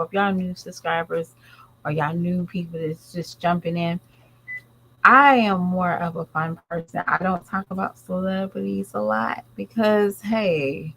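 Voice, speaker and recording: A woman's voice: lowish voice, low-quality recording. A woman vlogger and mother talking straight to her viewers in a blunt, rambling, casual way. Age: adult parent. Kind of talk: casual commentary chat.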